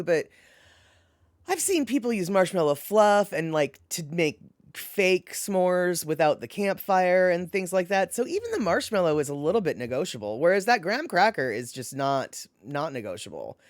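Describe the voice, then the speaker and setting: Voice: mid-range voice, very animated, normal speed, dry recording, clean studio sound. A live streamer in casual chat, rambling with many fillers and self-corrections while answering viewers by name.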